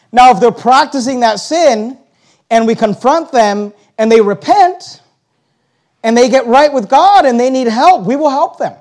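A man with a high voice preaches from the pulpit of his church. He presses his points hard, stacking repeated phrases, and breaks into a chuckle at his own expense now and then. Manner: forceful preaching with repetition, chuckles at himself. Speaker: pastor. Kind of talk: sermon.

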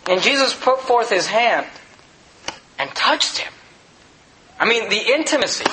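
A male pastor preaching a sermon, emphatic and full of rhetorical questions, rising to shouts at the peaks. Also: extremely high pitch, lively intonation, unhurried, background noise. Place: church sanctuary. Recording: echoey church room.

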